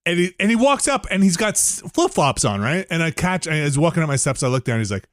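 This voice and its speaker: A man's voice: on the high side, very animated, quick pace, fairly bright tone, dry recording, studio quality. A man hosting a podcast, telling a rambling story with lots of fillers and laughter. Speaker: podcast host. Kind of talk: casual chat, anecdote.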